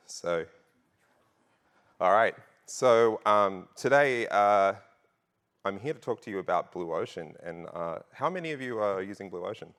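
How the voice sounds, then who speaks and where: Australian man, deep voice, playful keynote speaker, chatty and filler-heavy. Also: creaky, a bit bright. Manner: jokey, audience-rousing, frequent fillers. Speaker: conference speaker. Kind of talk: conference keynote talk. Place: large conference hall.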